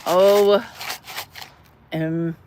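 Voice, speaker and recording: A woman's voice: fairly low pitch, steady tone, drawn-out words, a little mellow, a little hiss or hum. A middle-aged woman chatting on a casual livestream, answering chat in a chatty, mothering and blunt way, with some cursing. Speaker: livestream host reading chat.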